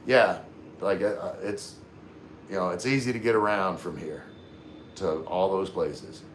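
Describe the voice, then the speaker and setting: A man from Louisiana, hosting a casual livestream and answering chat comments in a halting, laid-back way with many fillers. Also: low-pitched, a little hiss or hum. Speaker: livestream host. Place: room in the Philippines. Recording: echoey room, faint ambience.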